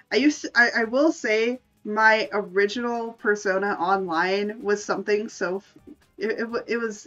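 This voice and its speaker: A woman's voice: mid-range voice, fairly bright tone, dull audio. A woman streamer chatting casually while she draws, rambling, correcting herself and laughing often. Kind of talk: casual chat while drawing.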